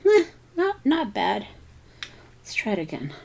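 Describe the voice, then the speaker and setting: A woman talks herself through a crafting project at an unhurried pace, pausing often with ums and murmured asides. Her voice sits at a medium pitch, and her tone is casual and thinking-aloud rather than presented. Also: wildly swooping pitch, vocal fry, darkish tone, slight background noise. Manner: musing, hesitant, many ums and self-talk. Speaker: craft channel host.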